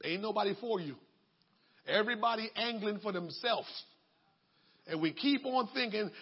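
A man preaching a sermon in a colloquial, emphatic way, bursting into shouts. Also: high-pitched, expressive, moderate pace, husky, muffled recording.

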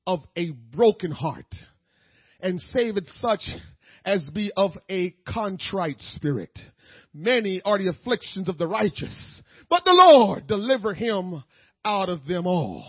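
A male pastor preaching a sermon, moving between quiet talk and shouted, tearful appeals, with many "uh" fillers. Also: high voice, husky, no room sound, lo-fi sound. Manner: fills pauses with "uh".

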